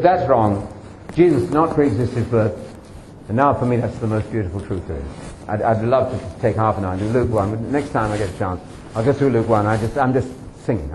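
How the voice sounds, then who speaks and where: Older male speaker, lively emphatic testimony, roomy echoing hall with faint noise. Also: medium pitch. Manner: animated, emphatic, addresses listeners directly. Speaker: speaker addressing a congregation. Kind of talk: personal testimony talk.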